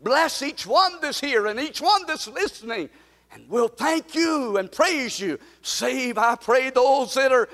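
Man, pastor, high voice, echoey church hall, animated preaching. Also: a little slow. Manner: animated preaching, calls for amens, swings loud and soft. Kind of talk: sermon and prayer. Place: church sanctuary.

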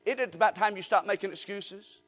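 High-voiced preacher calling out to a congregation. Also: male voice, a little fast, long reverb tail. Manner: call-and-response preaching, rising to shouts. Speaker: pastor. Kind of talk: sermon. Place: church sanctuary.

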